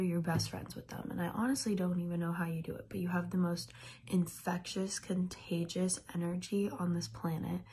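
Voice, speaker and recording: Husky whispering young woman. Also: on the low side. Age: young adult. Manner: hushed, emotional, swears casually. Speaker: sorority sister giving a tribute. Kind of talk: whispered video message. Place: dorm room at night, keeping quiet.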